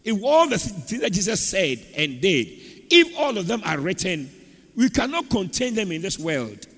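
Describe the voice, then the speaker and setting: A man's voice: high-pitched, very animated, moderate pace, fairly bright tone, slightly rough. A man preaching a sermon as pastor of a church and calling for amens from the congregation. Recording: echoey church hall.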